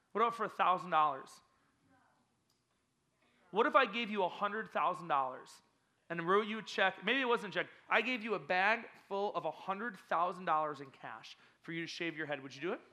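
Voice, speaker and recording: A man speaking as a youth pastor to a group of kids, energetic and teasing, quizzing the audience with playful questions. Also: high-pitched, brisk. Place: church hall.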